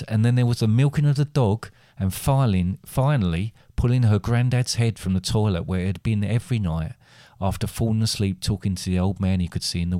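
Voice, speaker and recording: A middle-aged man with a lowish voice reads a silly fantasy tale with dry, deadpan timing. The recording is close and dead, with no room sound at all. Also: no room sound. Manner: deadpan, wry storytelling. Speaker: podcast co-host, father. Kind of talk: comic story read aloud.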